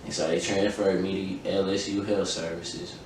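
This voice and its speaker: Deep and flat, at an ordinary speed, this young adult man hosts a podcast and relates a personal story. His chat is casual, emphatic, and full of profanity, with the dialogue acted out as he goes. Expect a very echoey space, a distant microphone, and faint noise.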